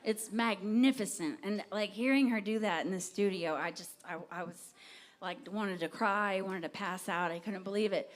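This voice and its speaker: Between songs at a live music venue, a Texas singer-songwriter with a mid-range voice and moderate pace rambles through a self-deprecating story for her audience.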